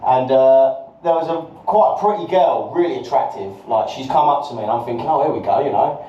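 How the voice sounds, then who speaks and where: A man's voice: medium pitch, brisk, distant mic, slight background noise. Rambling man, dull roomy sound. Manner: rambling, self-deprecating storyteller. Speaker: podcast co-host. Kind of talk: casual chat.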